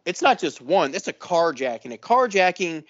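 A man co-hosting a podcast, telling a long story in a casual, profane, animated way. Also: on the high side, normal speed, muffled recording. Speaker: podcast co-host.

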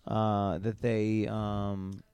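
A man hosting a podcast interview in a casual, halting way, often repeating words as he works out his questions. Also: fairly low pitch, level tone, a little mellow, smooth, dry recording. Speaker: podcast host.

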